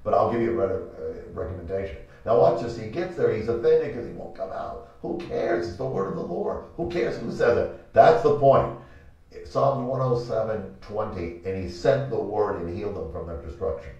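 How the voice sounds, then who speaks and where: A man with a lowish voice preaches as he hosts a talk show, telling a Bible story and acting out each character's lines. The sound is dull and very roomy, picked up from some way off the mic. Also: normal speed. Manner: animated storytelling, acting out quotes. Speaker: pastor and show host. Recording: echoey room, mic from a distance, dull sound.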